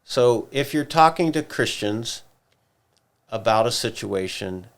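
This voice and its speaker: A man co-hosting a church podcast, explaining ideas in a measured, thoughtful way. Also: mid-range voice, lively intonation. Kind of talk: casual podcast discussion.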